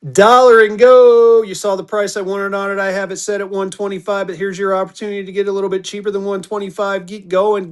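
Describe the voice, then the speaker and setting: With a drawl and a fairly high-pitched voice, this auctioneer works a live stream, calling lots in rapid, excited bursts. He keeps repeating his calls and urging the bidders forward.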